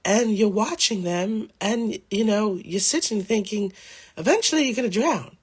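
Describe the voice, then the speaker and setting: A man's voice: high-pitched, normal speed, husky, pitched above the performer's own voice. Man voicing a raised-voice English psychic lady, earnest and prophetic, put-on English accent. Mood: ominous. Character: posh English female psychic advisor.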